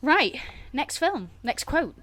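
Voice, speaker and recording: A woman hosting a film quiz on a casual podcast, bossy and swearing, quick to laugh. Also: high voice, very animated, noisy background. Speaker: quiz host.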